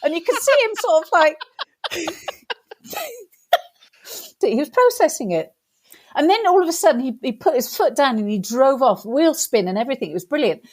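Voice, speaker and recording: A woman with a British accent, a guest in an interview, telling a funny story in a lively way and acting out the voices of the people in it. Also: sits high, moderate pace, pauses often. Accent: British English. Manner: lively animated storyteller, acts out quotes.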